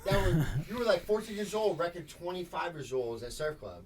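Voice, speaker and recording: A man's voice: high-pitched, fairly quick, crowd noise. A man co-hosting a podcast, chatting casually and eagerly hyping up the guest, heard through a faulty mic. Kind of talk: casual chat.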